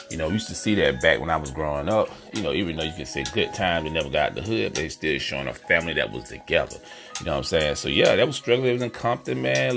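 A man hosting a podcast, chatting casually and slangily about a movie he watched, talking straight to his listeners. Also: low voice. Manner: laid-back, slangy, talks to listeners as y'all. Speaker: podcast host. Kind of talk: casual movie review chat.

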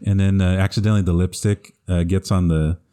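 Male podcast co-host, low and warm, chatty storyteller who keeps laughing through his recaps. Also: little pitch movement, fairly quick, clear, resonant tone. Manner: retells scenes with frequent laughter and fillers. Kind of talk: casual chat.

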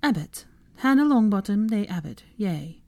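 A woman voicing an eager, bookish young witch in a fan-fiction audiobook, earnest and quick to sympathize. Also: medium pitch, sing-song, a little mellow, pitched above the performer's own voice. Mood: reading.

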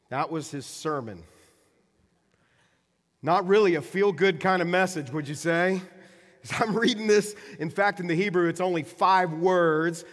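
Male pastor, casual joking sermon delivery, quiet to loud swings, slightly high voice, reverberant hall.

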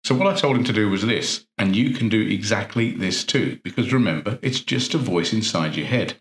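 A man's voice: lowish voice, lively intonation, a little fast, fairly bright tone. A man, an NLP coach, giving an earnest motivational talk full of rhetorical questions and repeated phrases. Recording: roomy echo.

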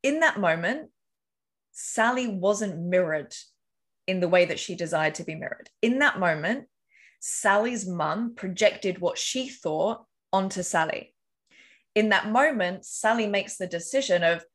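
A woman's voice: medium pitch, animated, measured pace. Earnest woman explaining with examples. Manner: casual swearing. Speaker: podcast guest. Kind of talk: casual interview talk.

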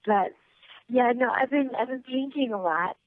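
A woman's voice: fairly high pitch, moderate pace, background noise. Chatty woman on a tinny phone line. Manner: chatty and laughing. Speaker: guest. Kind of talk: casual phone interview.

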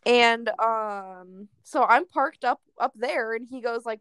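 A woman's voice: a little high, moderate pace, a bit bright, clear, resonant tone, no room sound. A young woman telling a crude personal story in casual chat, swearing freely and laughing often.

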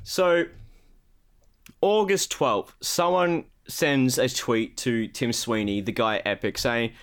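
A man's voice: medium pitch, takes it slowly, smooth. A man hosting a casual gaming podcast, ranting with heavy profanity and sarcasm.

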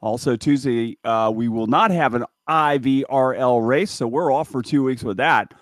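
A man hosting a podcast, telling a lively story in casual chat and laughing as he talks. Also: mid-range voice, moderate pace, dry recording, clean studio sound. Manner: animated storyteller, laughs while talking. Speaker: podcast host.

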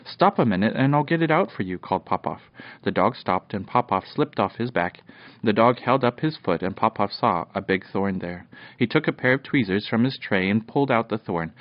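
A father reading a children's storybook aloud at bedtime, animated, with occasional slips and restarts. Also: fairly low pitch, moderate pace, no echo. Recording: dull, dry lo-fi home recording.

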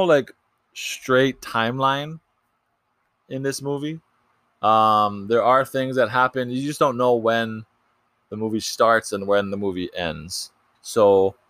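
A man's voice: on the low side, a bit bright, no room sound. A young man hosting a casual movie podcast, chatty and loose, with lots of ums and restarts. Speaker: podcast host.

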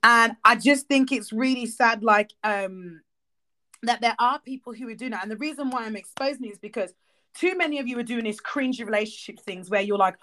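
A woman co-hosting a casual chat, emphatic and blunt, swearing freely and getting animated as she makes her point. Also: a little high, fairly quick. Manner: animated, acts out quoted voices.

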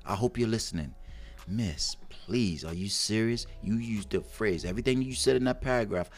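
A man's voice: on the low side, moderate pace. A man co-hosting a talk show, speaking casually and emphatically, with slang and a stream of rhetorical questions. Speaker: advice show co-host. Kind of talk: casual on-air chat.

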